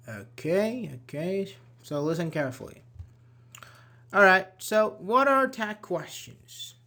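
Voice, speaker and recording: A man's voice: high-pitched, a bit bright. A man teaching an English grammar lesson in an online class, explaining patiently and repeating key words, with frequent "uh" and "okay".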